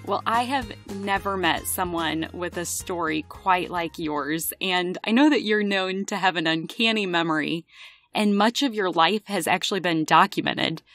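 A woman's voice: lowish voice, moderate pace, fairly bright tone, no echo. Woman hosting a podcast over music. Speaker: podcast host. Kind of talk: podcast interview.

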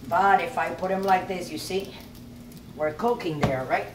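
A middle-aged woman hosts a laid-back cooking demonstration in her home kitchen, speaking at normal speed in a fairly low voice with background noise. Rambling and chatty, she repeatedly asks viewers "you know what I'm saying?"

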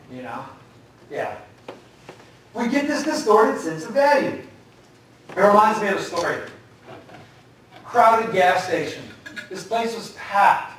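Joking man preaching in an echoey hall. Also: high-pitched. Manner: conversational, joking storyteller. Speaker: pastor. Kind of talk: sermon. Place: church sanctuary. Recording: echoey hall, distant mic.

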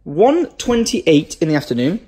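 A husky-voiced man talks straight to camera in a loose, rambling vlog. He sounds worn out and pokes fun at himself as he goes. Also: fairly high pitch, sing-song, moderate pace, warm tone. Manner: rambling, self-mocking, tired. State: tired. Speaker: vlogger. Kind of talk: casual vlog chat.

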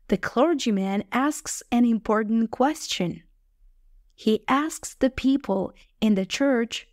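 Female audiobook narrator for learners, very slow, dry close sound. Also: medium pitch, darkish tone, no room sound. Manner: plain, slow, measured reading. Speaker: audiobook reader. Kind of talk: scripted narration for English learners.

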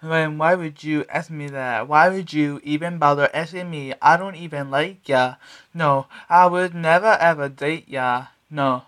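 A man's voice: fairly high pitch, measured pace, a bit bright. A young man singing a sassy, taunting pop track, repeating lines in stuttering loops. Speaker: singer. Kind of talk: sung pop track with spoken-sung verses.

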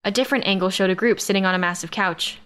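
A woman's voice: mid-range voice, quick pace, fairly bright tone. Woman narrating a sci-fi audiobook. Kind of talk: scripted first-person narration.

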